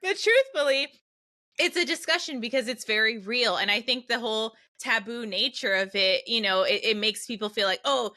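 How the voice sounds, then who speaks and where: A woman's voice: on the high side, moderate pace, sharp tone. A young adult woman co-hosting a podcast, chatting casually and enthusiastically and swearing freely. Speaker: podcast co-host. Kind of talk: casual chat.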